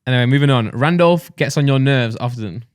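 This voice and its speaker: A man's voice: medium pitch, fairly quick, no echo, clean studio sound. A young man co-hosting a podcast, joking and teasing his co-host in casual banter.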